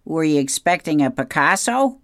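A grubby diner cook answers bluntly and gruffly, as a reader puts him on. His lines are short and curt. The voice is dry and close. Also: mid-range voice, very animated, normal speed, fairly bright tone, dry recording, pitched above the performer's own voice.

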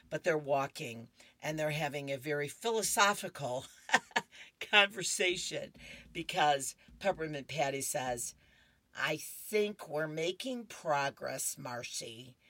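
Slow, low-voiced woman radio reader. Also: dry recording. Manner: chatty, warm asides to listeners. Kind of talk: reading comics aloud on radio.

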